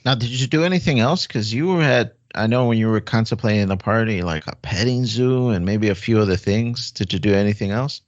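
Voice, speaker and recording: A man co-hosts a podcast in casual chat, asking easygoing follow-up questions in a lowish voice. The sound is dry, with no room echo, and dull, lo-fi audio. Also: a little fast, few pauses. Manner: asks follow-up questions in an easy, chatty way. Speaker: podcast co-host.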